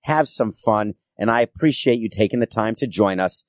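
A middle-aged man hosting a solo sports podcast, telling stories in a chatty way with quick asides. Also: fairly low pitch, dry recording, studio quality.

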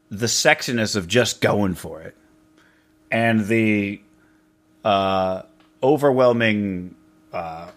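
A man hosting a candid, casual conversation, joking and rambling with frequent restarts. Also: fairly low pitch. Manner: rambling, jokey, stammering restarts.

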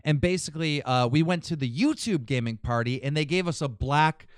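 Male podcast host, higher-pitched, dry close mic, profane and animated. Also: a little fast, clean tone, dry recording. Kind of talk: casual podcast chat.

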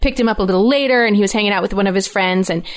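A woman in her thirties co-hosting a casual chat, animated and laughing often as she acts out little quotes. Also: mid-range voice, rapid-fire. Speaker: podcast co-host.

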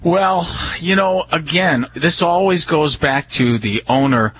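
A man on a radio talk show, explaining dog behavior and training in a calm, earnest way. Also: on the high side, slow pace, husky, low-quality recording. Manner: calm, earnest explaining with many "you know"s. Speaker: dog trainer answering listener questions.

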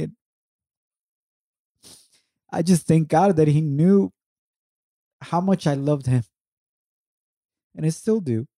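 A man's voice: on the high side, slow pace, vocal fry, long pauses, mellow, no echo. A man in his thirties sharing an emotional personal testimony on a podcast, reflective and heartfelt, mixing in Spanish words. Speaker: podcast co-host.

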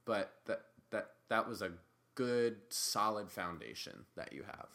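A young man co-hosting a podcast, talking casually and sarcastically, jumping from loud bursts to low mutters. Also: unhurried, gravelly. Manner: animated, sarcastic, swings from loud bursts to mumbling. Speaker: podcast co-host. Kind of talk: casual chat.

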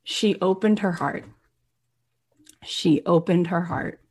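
A woman's voice: on the low side, slow, a little mellow, breathy edge. A woman telling an inspiring story as a motivational speaker, acting out the people in it and rising to pleading peaks. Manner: acts out quoted voices, rising and pleading at emotional peaks.

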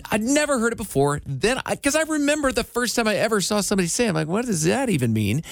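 A man's voice: extremely high pitch, sing-song, rapid-fire, no room sound. A male radio host in easy on-air banter who wanders through his gripes with a wry, self-mocking streak. His voice swings up and down a lot, and the studio mic sounds close and dry. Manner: wry, rambling, self-deprecating complaints. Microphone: studio microphone.

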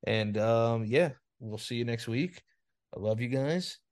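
A man's voice: medium pitch, animated, unhurried. A man hosting a podcast over a video call, ranting in crude casual banter, swearing freely and padding every sentence with "like.". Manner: profane ranting, heavy filler "like". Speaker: podcast host. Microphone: remote video call.

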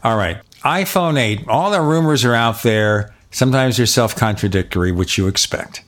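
A man's voice: mid-range voice, animated, moderate pace, a bit bright. A man hosting a tech talk show, prodding his guest with questions. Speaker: podcast host.

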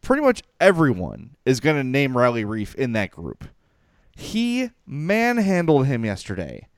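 A man co-hosting a sports podcast, talking in an animated, excitable way in casual chat. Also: mid-range voice, unhurried, dry recording, clean studio sound. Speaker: podcast co-host.

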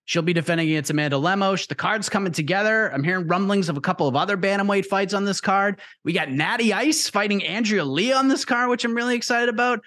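A man's voice: high voice, fast talker, hardly any pauses, sharp tone. Chatty male interview host. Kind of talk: casual interview chat.

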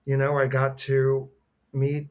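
A man's voice: medium pitch, monotone, slow pace. Earnest middle-aged man telling a heartfelt story. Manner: earnest, heartfelt, rambling with restarts. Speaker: podcast guest, actor. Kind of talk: conversational storytelling.

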